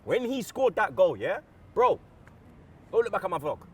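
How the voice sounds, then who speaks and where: A man talking football as a fan pundit in excitable, slang-filled chat, telling stories with loud outbursts. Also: sits high, normal speed, husky.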